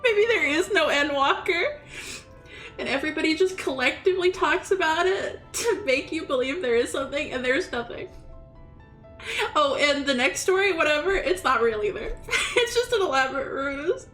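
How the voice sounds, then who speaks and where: A woman's voice: high voice, expressive, moderate pace, fairly bright tone, faint music behind. A young woman giving casual, emotional commentary on a game playthrough, giggly and swearing freely. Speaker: gaming streamer.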